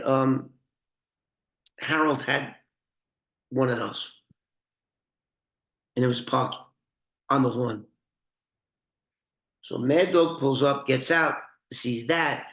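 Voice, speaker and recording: A man's voice: medium pitch, vocal fry, a bit bright. An older man, a former informant, telling a true crime story in a profane, rambling, conversational way. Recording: roomy echoey room.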